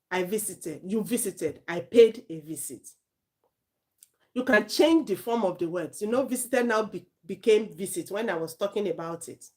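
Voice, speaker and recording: A woman with a Nigerian accent giving an informal spoken lesson as an IELTS tutor, chatty and animated, often correcting herself mid-sentence. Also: medium pitch.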